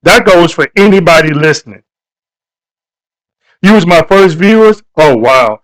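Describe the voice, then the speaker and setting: A man's voice: a little high, expressive, a little slow, fairly bright tone, low-quality recording. A man hosting a casual live stream, talking to his viewers in a loose, repetitive, preachy way.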